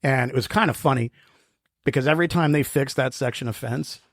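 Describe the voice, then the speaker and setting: A man's voice: medium pitch, brisk. A middle-aged man co-hosting a podcast, rambling through stories in casual chat and laughing often. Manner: rambling storyteller, laughs often, acts out quotes. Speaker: podcast co-host.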